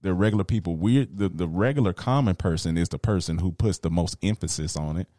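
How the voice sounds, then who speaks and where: Man, podcast co-host, low mellow voice, laid-back slangy chat, home workshop. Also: a little fast, no echo, clean studio sound. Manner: laid-back slangy talk with frequent "you know".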